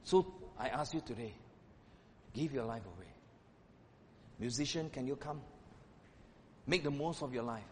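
A man preaching a sermon as a pastor, swinging between loud exclamations and hushed asides. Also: measured pace, pauses often. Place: church hall. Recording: reverberant hall with faint rumble.

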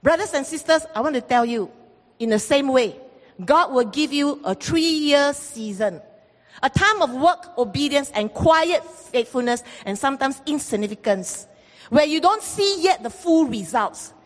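A woman pastor preaching a sermon, telling stories in an animated way and acting out the voices in them. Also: high voice, a little slow. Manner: animated storytelling, acts out quoted voices, repeats phrases. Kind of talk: sermon with storytelling. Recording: long reverb from a hall.

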